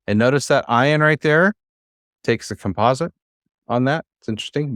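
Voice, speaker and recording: A man's voice: medium pitch, moderate pace, dry recording, studio quality. A man teaching a class, who explains patiently and coaxes his students to try reading aloud. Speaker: Hebrew teacher.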